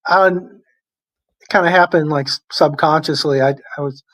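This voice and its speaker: An older man who grew up in Chicago answers an interviewer's questions. His accent is general American, and his slightly raised voice stays relaxed and easygoing. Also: a little high, a little slow. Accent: general American, lost his Chicago accent. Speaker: guest, former baseball player.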